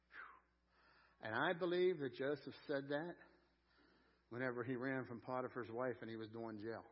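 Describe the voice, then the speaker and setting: A man preaches in a fairly high, husky voice, rising to loud emphasis and falling back to near quiet. He leans on key phrases and calls on the congregation to repeat lines after him. The church recording sounds dull and muffled. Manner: preaching with wide swings in loudness, drawing out key phrases. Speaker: pastor. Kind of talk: sermon. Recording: dull lo-fi sermon audio.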